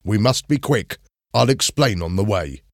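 A man's voice: fairly low pitch, expressive, moderate pace, no echo, clean studio sound. A man voicing a firm policeman who hurries two children along. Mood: urgent. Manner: urgent, firm.

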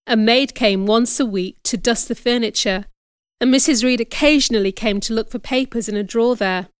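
A woman reading a storybook aloud as narrator, in a careful, steady storytelling manner. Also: a little high, clean tone, no echo, clean studio sound. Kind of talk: scripted audiobook narration.

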